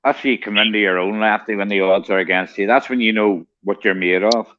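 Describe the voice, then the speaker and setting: A man chatting casually, with quiet, laid-back remarks. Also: on the low side, steady tone, fairly quick, no echo. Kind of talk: casual chat. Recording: dull lo-fi sound.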